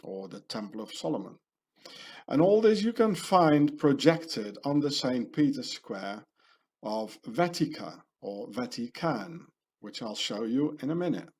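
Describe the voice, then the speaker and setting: Brief: male voice-over narrator, unhurried, ranting, rambling delivery. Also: medium pitch, sing-song, a little mellow, slightly rough. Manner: rambling, ranting, heavy with fillers. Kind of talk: conspiracy video voice-over.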